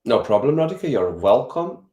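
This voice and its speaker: A man's voice: medium pitch, sing-song, normal speed, mellow, lo-fi sound. A man hosting a casual football watch-along stream, chatting with viewers by name and laughing often. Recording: roomy echo.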